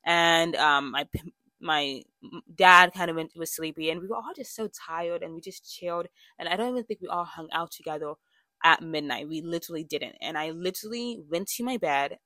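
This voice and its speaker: Chatty young woman with a low, dry voice. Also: a little fast, bright, forceful tone, no room sound. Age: young adult. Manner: chatty and candid, with frequent fillers and self-corrections. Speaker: podcast host. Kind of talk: casual personal monologue.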